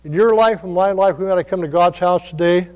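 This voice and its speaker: A man preaching a sermon, telling stories in a folksy way that moves between quiet asides and loud calls. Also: high-pitched, fairly quick. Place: church. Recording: long reverb of a church hall.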